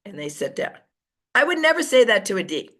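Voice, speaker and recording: A woman coaching her sales team over an online call, at a middle pitch for a woman. She talks in a chatty, storytelling way and slips into little put-on voices as she quotes people. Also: fairly quick. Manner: lively storyteller who acts out quoted voices. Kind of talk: motivational team training talk.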